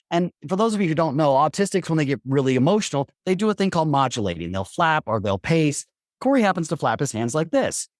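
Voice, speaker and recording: A middle-aged man, a podcast guest, telling stories in an animated, emphatic way with blunt asides and mild swearing. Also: on the high side, no echo, clean studio sound. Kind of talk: animated storytelling.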